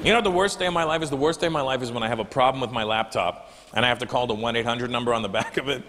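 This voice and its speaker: A man's voice: mid-range voice, rapid-fire, a bit bright. A man doing a stand-up comedy set, brash and profane, teasing the crowd. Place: live comedy venue with audience. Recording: echoey hall with audience noise.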